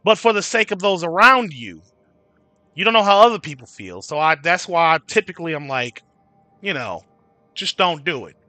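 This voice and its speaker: Bright, high-voiced man ranting to chat. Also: sing-song, moderate pace, no room sound, soft background music. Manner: ranting, addresses chat viewers by name; swearing freely. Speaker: livestream host. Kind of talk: casual livestream chat.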